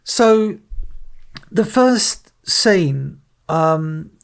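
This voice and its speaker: A man with a high-pitched voice hosts a casual movie podcast. He tells the story in an animated way, stumbling and restarting as he goes. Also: very slow, vocal fry. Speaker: podcast host. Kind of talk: casual movie review chat.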